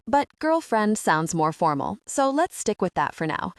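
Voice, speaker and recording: A woman's voice: mid-range voice, big pitch swings, normal speed, no echo, clean studio sound. A woman voicing a playful, giggly young woman in a romance audiobook.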